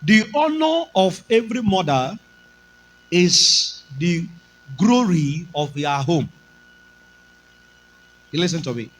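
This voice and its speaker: A man's voice: sits high, big pitch swings, slow pace, pauses often, poor audio. A male pastor with a Nigerian accent, preaching a sermon with emphatic delivery and slipping into Pidgin.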